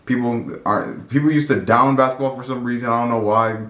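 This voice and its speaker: Male vlogger, middle pitch, loose and rambling delivery, roomy echo on the track. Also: a little fast. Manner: excitable and rambling, with many restarts and repeated words. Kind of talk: casual storytelling to camera. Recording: echoey room with faint music.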